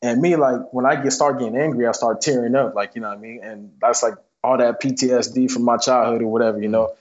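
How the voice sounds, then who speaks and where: Here a young football player guest spins stories rapidly and loosely, leaning on fillers such as "you know what I'm saying." He has a mid-range voice with fairly even intonation, heard through dull lo-fi podcast audio.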